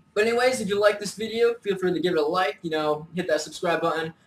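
A man's voice: sits high, very noisy. A man in a comedic rant to camera as a YouTuber, mock-furious and profane, sighing between lines.

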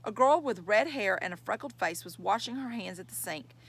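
A woman narrating a children's chapter book in a measured, clear storytelling manner. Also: medium pitch, animated, a bit bright. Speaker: audiobook reader.

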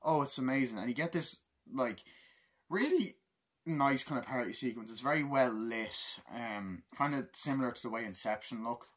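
A young man giving a casual film review, excitable and full of swearing as he retells scenes. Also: medium pitch, normal speed, husky. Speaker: movie reviewer.

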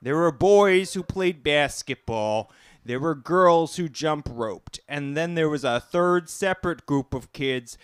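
A stand-up comedian with a high, clear, ringing voice, working an intimate cafe crowd. Delivery is unhurried, camp and self-deprecating, full of jokey asides. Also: male voice, expressive, dry recording. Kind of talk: live stand-up set. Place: small cafe comedy stage.

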